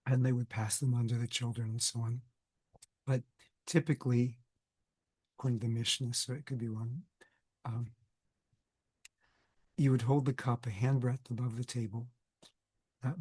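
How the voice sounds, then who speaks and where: A man's voice: mid-range voice, darkish tone, husky, dry recording. Older man with a cold, video lecture, digressive and conversational, dry close sound. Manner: conversational, digressive, self-correcting. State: has a cold, coughing. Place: indoors, recording for video.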